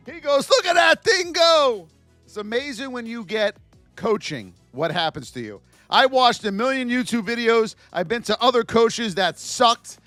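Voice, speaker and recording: Hoarse guy with a high voice hyping up a trading livestream, dry sound, faint music behind. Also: dry recording. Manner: energetic, hypes up viewers by name. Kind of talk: hyped live-stream market commentary.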